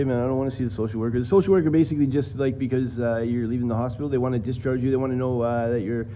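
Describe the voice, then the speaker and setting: A man rambles through a story, swearing often and acting out other people's lines. His voice sits at a middle pitch. A faint hiss of noise runs under his phone-streamed audio. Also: poor audio. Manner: rambling, profane, acts out quoted voices. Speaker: livestreamer telling a personal story. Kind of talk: casual storytelling to viewers.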